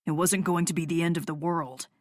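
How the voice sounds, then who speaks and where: Brief: woman narrator playing bitter male musician, lowered voice, audiobook character, dry studio. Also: fairly quick, no room sound, close to an everyday voice. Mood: confessional. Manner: low, flat, growling delivery. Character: bitter male rock musician, hurting and guarded.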